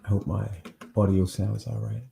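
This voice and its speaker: A man's voice: on the low side, level tone, normal speed, gravelly, dark tone, echoey room, slight background noise. A man hosting a live online show from his home on a new microphone, talking casually and rambling straight to his viewers. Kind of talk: casual live-stream chat.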